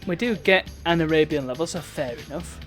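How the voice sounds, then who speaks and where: A man's voice: on the high side, a little fast, soft background music. A man giving chatty, wry commentary while streaming a video game. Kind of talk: casual gameplay commentary.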